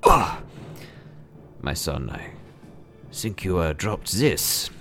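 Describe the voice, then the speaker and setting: Give me a man playing a mild, wry monk with a low, calm voice, for a tabletop game. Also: very slow, vocal fry, soft background music, exaggerated voice. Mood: dry calm. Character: calm wry male monk, gently polite.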